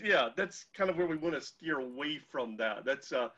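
A man's voice: fairly high pitch, lively intonation, moderate pace, sharp tone. A man in an improvised comedy scene, speaking hesitantly and tactfully with lots of fillers. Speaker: improv performer. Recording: dull lo-fi recording.

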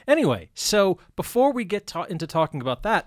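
Brief: male talk-radio host, lively up-and-down pitch, dry studio sound, loose and jokey. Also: brisk, no room sound. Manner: chatty, laughing, self-deprecating asides. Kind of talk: casual panel talk radio.

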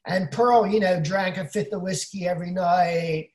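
A woman's voice: on the low side, fairly even intonation, moderate pace, darkish tone, echoey room. A woman co-hosting a casual chat, explaining things at length and often saying "you know".

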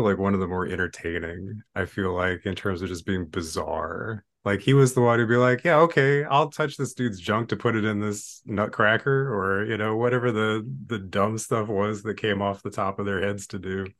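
Low-voiced man hosting a casual movie chat. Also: steady tone, moderate pace. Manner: rambling, full of fillers and acted-out quotes. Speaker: podcast host.

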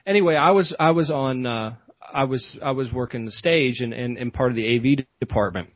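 A man's voice: medium pitch, a little fast, dry recording, dull audio. A man, a podcast host, telling a long rambling story in casual chat, full of restarts and asides.

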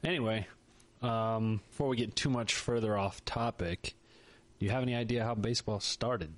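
A man's voice: on the low side, moderate pace. A man co-hosting a podcast, chatting casually with jokes and self-mocking asides. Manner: joking, rambling, self-mocking. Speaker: podcast co-host.

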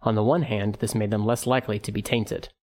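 A fairly low-voiced man narrates a fantasy novel as an audiobook reader, following a script. His storytelling stays measured and level.

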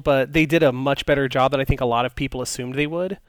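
A man's voice: mid-range voice, steady tone, quick pace, clean tone, no room sound. A man co-hosting a podcast, chatting casually and rambling with many fillers and restarts. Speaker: podcast co-host. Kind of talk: casual chat.

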